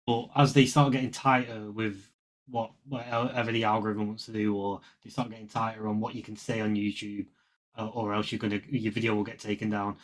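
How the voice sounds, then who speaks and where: A man co-hosting a podcast discussion, talking in a halting way and searching for words. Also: lowish voice, flat delivery. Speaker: podcast co-host. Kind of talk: casual discussion.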